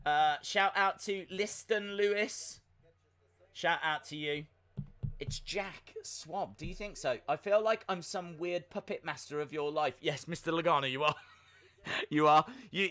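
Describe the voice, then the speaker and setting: A young man hosting a live wrestling watch-along, chatting excitedly, rambling and flustered as he reads viewer comments. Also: fairly high pitch. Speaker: livestream host reacting to wrestling.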